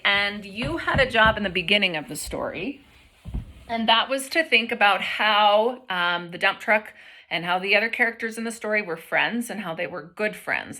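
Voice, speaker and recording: A young adult woman teacher reading a picture book aloud to children, gentle and encouraging, often pausing to ask them questions. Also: medium pitch, lively intonation.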